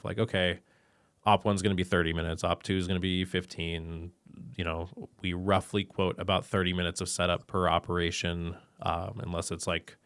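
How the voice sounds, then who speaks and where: Male guest, low voice, heated casual rant, dry close sound. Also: no room sound. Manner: animated, exasperated ranting. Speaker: machine shop co-owner, guest. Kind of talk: casual podcast conversation.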